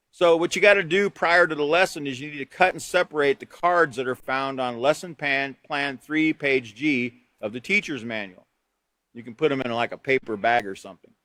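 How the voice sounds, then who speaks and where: Male trainer, slightly high, ringing voice, dry close sound, reads the manual aloud and adds plain examples. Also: dry recording. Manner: reads from a manual, then explains with lively examples. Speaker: teacher trainer. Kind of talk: live online training lesson.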